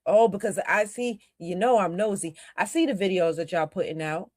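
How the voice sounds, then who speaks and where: A woman's voice: lowish voice, animated, normal speed, a little mellow, dry recording. A woman giving blunt, heated commentary as the host of a talk show. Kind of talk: casual commentary.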